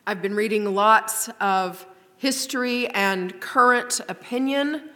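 A woman introducing and reading a poem at a worship service, in a slow, careful way. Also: mid-range voice, bright, forceful tone. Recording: long hall reverb.

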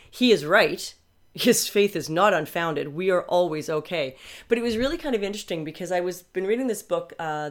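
Reflective woman podcaster in her fifties. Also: lowish voice. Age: 50s. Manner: candid, reflective, frequent self-corrections. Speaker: podcaster and coach. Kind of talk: personal podcast monologue.

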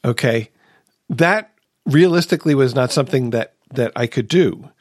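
A man's voice: medium pitch, moderate pace, no echo, clean studio sound. A man hosting a recovery podcast in casual chat, telling a personal story earnestly and asking rhetorical questions. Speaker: podcast host.

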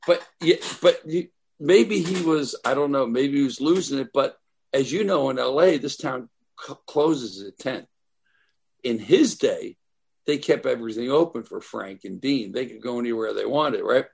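A man's voice: medium pitch, expressive, moderate pace, gravelly, darkish tone, slightly rough. An older man telling long, rambling anecdotes in a casual interview, full of "like" and "you know". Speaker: guest. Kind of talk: casual storytelling.

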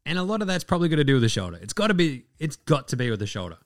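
A man's voice: fairly high pitch, sing-song, racing, dry recording, studio quality, soft background music. A man hosting a sports podcast, ranting bluntly and swearing freely. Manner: blunt, profane, opinionated. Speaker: podcast host. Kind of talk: casual sports podcast rant.

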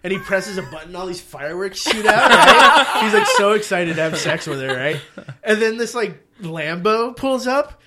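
A man co-hosting a casual podcast chat, telling a story and acting out the lines in high, excited voices. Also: normal speed, very noisy. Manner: animated storyteller, acts out quotes in high voices. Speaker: podcast co-host.

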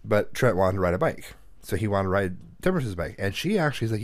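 A man's voice: on the low side, lively intonation, quick pace, no room sound, clean studio sound. A man co-hosting a casual chat, telling a rambling, profane story and acting out quotes while nursing a headache. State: suffering from a headache. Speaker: podcast co-host and father.

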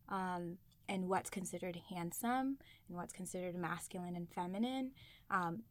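A woman's voice: lowish voice, no room sound. A woman from South Asia hosting a casual discussion, thinking aloud and restarting her sentences often. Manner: hesitant, fills with "like" and rewinds mid-thought.

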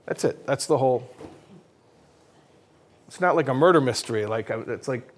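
A man gives a casual religious talk, mixing in jokes and teasing himself. His voice sits at a middle pitch, and he talks with lively, conversational energy. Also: moderate pace. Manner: casual, self-mocking, energetic. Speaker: speaker.

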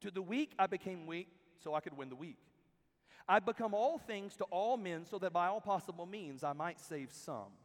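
A man preaching a sermon to a crowd in a large hall, telling stories in an animated way and acting out the people he quotes. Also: sits high, normal speed. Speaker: camp speaker. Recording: long hall reverb.

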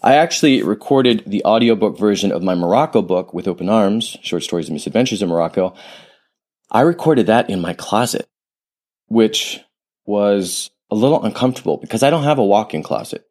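A man's voice: on the low side, lively intonation, a little fast, a little mellow. A man hosting a solo podcast, talking in a reflective, rambling way, drifting into tangents and restarting his sentences. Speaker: podcast host and author. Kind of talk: casual solo podcast monologue. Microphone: podcast studio microphone.

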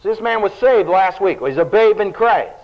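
Teaching a Bible study, this man has a high-pitched voice and a brisk delivery. He is emphatic and animated, with a dry sense of humor, and the recording sounds dull and lo-fi.

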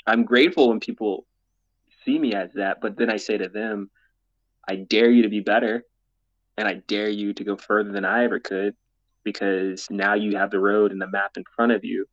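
A man's voice: lowish voice, steady tone, moderate pace, no room sound, lo-fi sound. A man being interviewed as a mountaineer and explorer, speaking candidly in an earnest, rambling way and laughing often. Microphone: podcast mic, camera off.

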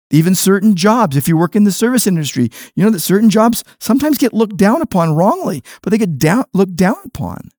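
A man preaching a sermon as pastor, emphatic, shifting between quiet low phrases and raised stressed words. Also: no echo, studio quality.

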